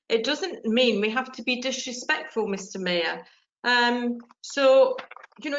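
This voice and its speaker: A woman's voice: high-pitched, fairly bright tone. An English woman councillor making an earnest, pointed speech in a council debate, with frequent ums and restarts. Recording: dull lo-fi council chamber audio.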